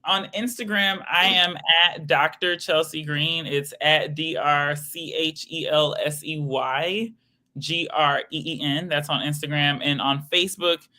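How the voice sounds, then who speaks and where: A woman's voice: low voice, steady tone, a little slow, sharp tone. A woman from Houston, Texas, a guest violinist chatting in an interview, effusive and emphatic, repeating phrases like a preacher. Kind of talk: casual interview chat.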